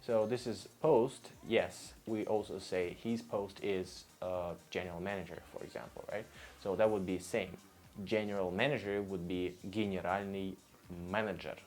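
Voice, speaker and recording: A deep-voiced man with a Russian accent gives a relaxed, casual vocabulary lesson in English. He repeats each word several times in a patient, unhurried way, while soft music plays faintly behind him. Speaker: language teacher.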